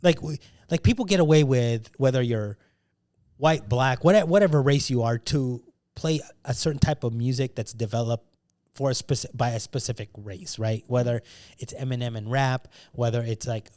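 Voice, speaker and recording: A man's voice: medium pitch, normal speed, a little mellow, no echo. Man, podcast co-host, casual chat, emphatic, swears a lot, stumbles over restarts, dry sound. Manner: emphatic, swears freely, repeats words when starting sentences.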